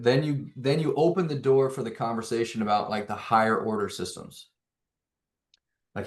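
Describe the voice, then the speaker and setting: A man's voice: medium pitch, darkish tone, roomy sound. A man coaching on neurology, explaining with rhetorical questions and growing energy. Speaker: neuro coach presenting to hosts. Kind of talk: animated explanatory talk.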